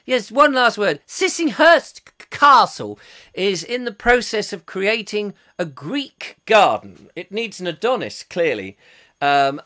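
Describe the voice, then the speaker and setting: A man's voice: a little high, bright, forceful tone. A man hosting a comic live chat show, rambling playfully and reading out viewer comments on a live stream from home. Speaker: host. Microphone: webcam, live stream.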